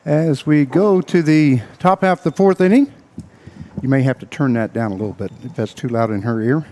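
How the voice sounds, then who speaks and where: A man calling a local baseball game as play-by-play announcer, out of breath and talking in halting bursts full of uhs. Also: mid-range voice, a little mellow. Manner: halting, filler-heavy play-by-play with frequent uhs. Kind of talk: baseball radio commentary.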